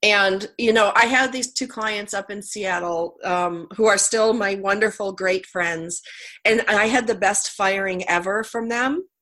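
A woman's voice: mid-range voice, a little slow, fairly bright tone. A woman hosting a coaching talk show, telling personal stories candidly with lots of "you know" fillers. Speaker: podcast host and coach. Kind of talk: conversational interview.

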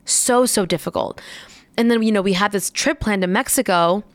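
Chatty young mom, smooth dry voice. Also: female voice, mid-range voice, normal speed, no echo. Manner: chatty, rambling with many fillers. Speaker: parent talking to viewers. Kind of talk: casual chat.

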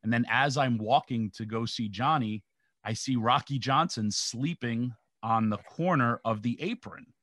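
This middle-aged New Yorker, once a pro wrestler, rambles through anecdotes in a casual interview and acts out the quotes. His voice is medium-pitched, unhurried and fairly bright, recorded cleanly in a studio with no echo.

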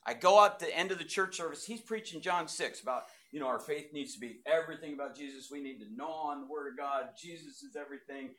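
A man's voice: fairly high pitch, fast talker, hardly any pauses. Middle-aged guy telling his faith story to a crowd, goes big then drops to almost nothing, church hall. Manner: animated storyteller, voice swinging from loud bursts to hushed asides. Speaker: speaker giving a testimony. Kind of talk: testimony talk to a live audience.

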